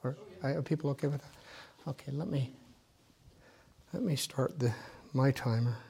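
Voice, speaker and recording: Gentle man guiding prayer meditation. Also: medium pitch, normal speed, creaky. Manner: gentle, instructive, drops to a near whisper when guiding. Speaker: meditation leader. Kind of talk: guided prayer meditation teaching.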